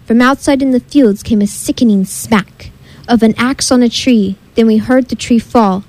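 High-voiced woman reading rhyme aloud. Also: normal speed, a little mellow, poor audio. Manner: rhythmic, sing-song rhyming delivery. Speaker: reader. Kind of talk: storybook read-aloud in rhyme.

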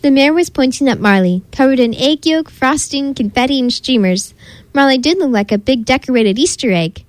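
A woman narrating a children's storybook in a lively, expressive read-aloud manner. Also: a little high, a little fast, no echo.

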